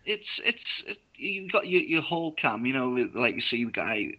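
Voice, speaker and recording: A young man co-hosting a show, casually retelling a film plot in a halting, rambling way with restarts. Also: medium pitch, very animated, bright, forceful tone, rough recording. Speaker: co-host. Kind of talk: casual chat recapping a film.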